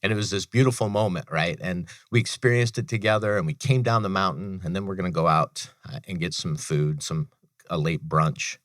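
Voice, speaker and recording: A man's voice: low-pitched, a little fast, fairly bright tone, no room sound, clean studio sound. A man in his thirties, a veteran and author, telling personal stories in an earnest, repetitive way as a radio interview guest. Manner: earnest, personal storytelling with repeated phrases. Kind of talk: interview talk on a business radio show.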